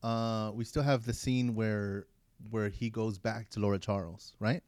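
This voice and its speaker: A man's voice: lowish voice, clear, resonant tone, dry recording. Chatty man retelling movie scenes. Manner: animated, acts out movie lines in quick put-on voices. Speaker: podcast co-host. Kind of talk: casual movie rewatch chat.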